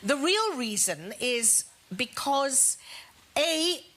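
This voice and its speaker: A woman's voice: high voice, animated, very slow, a bit bright, slight background noise. A woman with a posh British accent, a talk show guest bluntly telling anecdotes and laughing through her stories. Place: TV studio.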